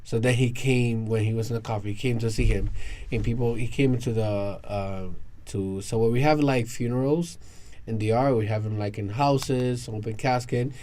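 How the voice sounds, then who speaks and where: At a round-table podcast recording with fellow guests, an animated man from New York tells casual stories in a mid-range voice at normal speed, rambling and restarting as he goes.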